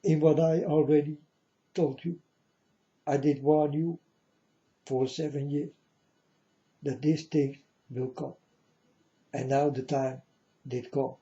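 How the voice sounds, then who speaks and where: A man giving a mournful prophetic warning monologue, slowly speaking straight to his listeners and calling them folks. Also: fairly high pitch, little pitch movement, warm tone. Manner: slow, mournful, repeatedly addresses listeners as folks. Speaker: self-styled prophet. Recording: dull lo-fi audio.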